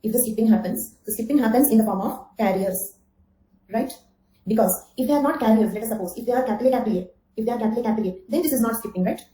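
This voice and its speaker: With rapid-fire, mellow speech in a slightly high voice, a woman teaching anthropology runs an online exam-coaching session. She keeps repeating key phrases, asks "okay?" and calls students by name, while the sound is reverberant and poor.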